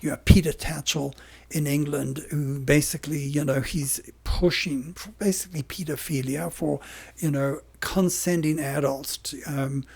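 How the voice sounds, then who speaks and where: A man talking as a podcast guest in casual interview talk, hoarse and losing his voice, rambling with emphatic restarts. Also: on the high side, steady tone, moderate pace, a little mellow.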